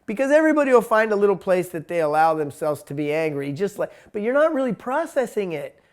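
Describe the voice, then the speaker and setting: A man's voice: sits high, big pitch swings, fast talker, clean tone. A man giving a spiritual talk in a blunt, emphatic monologue, swearing freely. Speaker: spiritual teacher.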